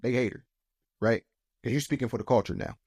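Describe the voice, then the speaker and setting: A man's voice: mid-range voice, brisk, a little mellow, husky, no echo, studio quality. A man co-hosting a podcast in casual chat, heated and emphatic, talking in loose, repeated phrases with many fillers. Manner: heated, rising to emphatic outbursts. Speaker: podcast co-host.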